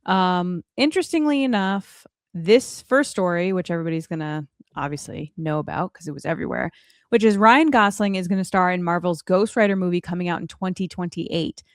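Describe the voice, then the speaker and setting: A woman runs a casual podcast conversation, steering the topics and adding quick asides. Her voice sits on the low side. The sound is dry and close, with no room around it. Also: dry recording. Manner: chatty, leads the discussion with asides. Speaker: podcast host.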